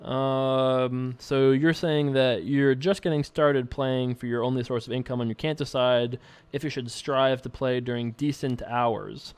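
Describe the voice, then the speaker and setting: Guy streaming poker from home, smooth clear voice, thinks out loud, rambles, dry close sound. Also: medium pitch, fairly even intonation, a little slow, no echo. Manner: rambling, self-amused, thinking aloud. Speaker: poker streamer answering viewer emails. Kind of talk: casual commentary while playing online poker. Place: home room with a whiteboard.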